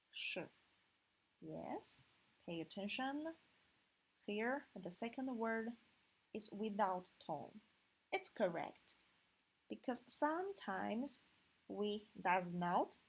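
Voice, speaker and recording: Woman, Chinese accent, language teacher, unhurried, gravelly edge. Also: mid-range voice, poor audio. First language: Mandarin Chinese. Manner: patient, explains step by step with frequent "okay". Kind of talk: online language lesson.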